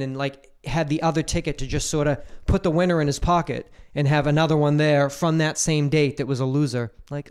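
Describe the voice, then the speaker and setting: A man co-hosting a casual podcast chat, telling stories in an animated way, cursing freely and acting out the people he quotes. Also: a little high, brisk, hardly any pauses, clear, resonant tone. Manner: animated storyteller, swears freely, acts out quoted voices. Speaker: podcast co-host.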